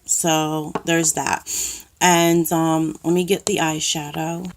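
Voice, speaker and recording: A woman with a New York accent chatting slowly through a makeup tutorial in a cluttered room at home. She rambles, fills the gaps with ums and restarts her sentences, and sounds a little nervous in front of the camera. Her voice sits somewhat low. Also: little pitch movement, a little hiss or hum. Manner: self-conscious, says she is nervous on camera. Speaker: makeup vlogger. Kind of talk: casual makeup tutorial chat.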